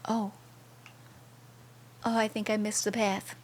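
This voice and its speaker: A woman's voice: medium pitch, flat delivery, slow pace, long pauses. A young woman streaming a video game, chatting in an upbeat way and thanking viewers by name. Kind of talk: casual live-stream commentary.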